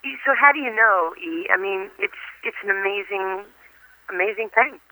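A middle-aged woman from New York, a guest in an interview, telling lively stories and laughing often. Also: medium pitch, normal speed, rough recording. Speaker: interview guest, former athlete. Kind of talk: phone interview, storytelling.

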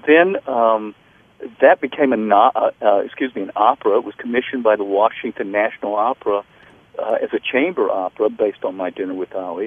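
A middle-aged man from North Carolina, an author telling a personal story in an interview, earnest and halting, with restarts and fillers. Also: on the low side, dry recording. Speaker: author guest. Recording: tinny phone-line radio audio.

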